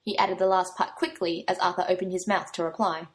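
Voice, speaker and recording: A woman's voice: fairly low pitch, steady tone, fairly quick. A woman reading a story aloud, giving her own light touch to the young men's lines. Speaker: narrator.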